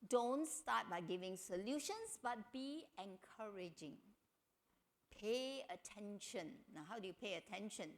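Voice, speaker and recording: A middle-aged woman giving a family seminar talk, telling stories and acting out quotes in a higher voice. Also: unhurried. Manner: animated storytelling, acts out quotes in a higher voice. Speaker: seminar speaker.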